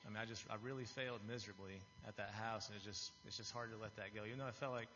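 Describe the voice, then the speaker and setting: A man's voice: lowish voice, fairly even intonation, very fast, pushed and bright, faint music behind. Earnest man preaching in a hall. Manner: earnest, confessional, often restarting phrases. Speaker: lay speaker giving a testimony. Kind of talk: church testimony sermon. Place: church hall with an audience. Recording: dull, reverberant hall recording.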